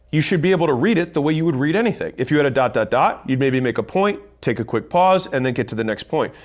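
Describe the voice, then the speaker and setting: A man giving a blunt instructional talk on sales, counting points off and swearing casually. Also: on the high side. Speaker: business speaker teaching sales. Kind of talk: instructional monologue.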